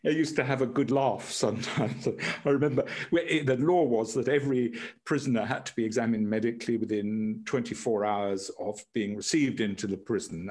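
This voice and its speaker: A man who worked as a prison doctor, telling stories in an interview in a halting way, with many restarts and chuckles at his own anecdotes. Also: lowish voice, darkish tone. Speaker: former prison doctor and writer.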